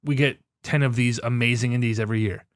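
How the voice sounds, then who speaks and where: A young man with an average-pitched voice co-hosts a casual podcast chat. He is sarcastic and quick to swear, and he bursts into animated complaints. The recording is dry and close, with no room sound. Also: no room sound. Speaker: podcast co-host.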